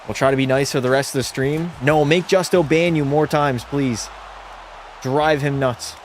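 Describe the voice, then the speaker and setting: A man's voice: medium pitch, fairly even intonation, normal speed, soft background music. A young man hosting a live hockey watch party, calling plays and bantering bluntly with his chat. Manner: blunt, chatty, reacts to chat with jokey banter. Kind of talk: casual live-stream chat and play-by-play.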